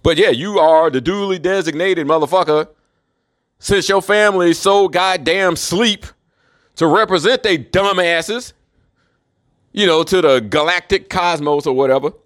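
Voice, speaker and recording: A man's voice: sits high, measured pace, fairly bright tone. A man in a rambling solo monologue, profane and mocking, who laughs often. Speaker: commentator.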